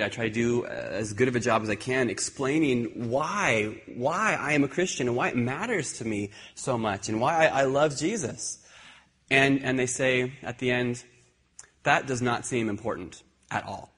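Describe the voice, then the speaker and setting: A man preaching a sermon, telling animated personal stories with many restarts and repeated words. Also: mid-range voice. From Ireland. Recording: husky voice in a hall with long reverb.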